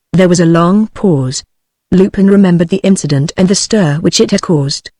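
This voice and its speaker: A synthetic British woman's voice narrating an audiobook in an even, measured way. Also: on the low side, dry recording. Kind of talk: text-to-speech book reading.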